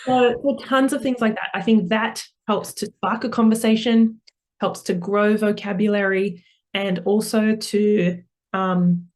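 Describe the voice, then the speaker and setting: A woman's voice: mid-range voice, fairly even intonation, a little slow. Earnest woman coaching parents. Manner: earnest, explanatory, many fillers and restarts. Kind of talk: conversational podcast interview.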